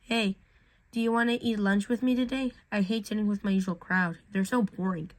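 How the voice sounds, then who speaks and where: A woman voicing a popular schoolgirl who is firm yet gentle, reading her lines in a story. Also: mid-range voice, fairly even intonation, fairly quick, natural voice. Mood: friendly. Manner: firm, then gentle and playful. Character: popular schoolgirl, bold and friendly.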